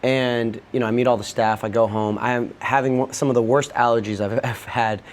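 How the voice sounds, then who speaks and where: A man's voice: mid-range voice, steady tone, brisk. A young man on a podcast, candidly telling a personal story in a loose, rambling way, peppered with swearing. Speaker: podcast guest.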